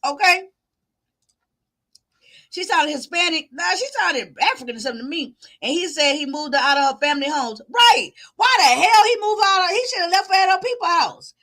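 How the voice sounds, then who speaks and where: High, bright-voiced woman ranting. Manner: loud, animated, profane, laughing. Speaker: commentator reacting to a video. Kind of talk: casual reaction commentary.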